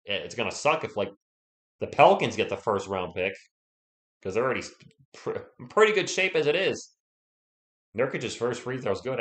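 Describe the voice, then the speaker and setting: A man's voice: fairly low pitch, fairly bright tone. A man with a sore throat and a cough, hosting a casual live play-by-play stream and chatting with viewers between plays.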